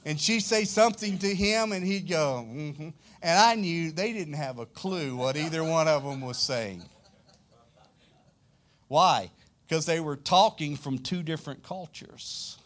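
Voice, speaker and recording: A man's voice: on the high side, measured pace, a bit bright. A man from South Louisiana with a Southern accent, preaching a sermon with emphatic questions to the congregation. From South Louisiana, United States. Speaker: pastor.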